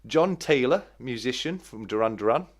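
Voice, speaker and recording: A man's voice: medium pitch, lively intonation, normal speed. A man from the East Midlands of England with a slightly northern accent, hosting a casual chat, chatty and laughing, often stumbling and restarting. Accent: East Midlands English with a northern touch. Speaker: host.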